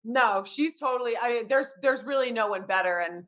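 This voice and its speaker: A woman co-hosting a casual sports podcast, animated and quick with asides, swearing freely as she tells stories. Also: a little high. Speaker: podcast co-host.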